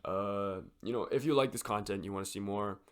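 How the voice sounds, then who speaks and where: A young man with a croaky, sick voice, rambling casually and profanely to camera in a fitness vlog. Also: on the low side, brisk. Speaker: fitness vlogger.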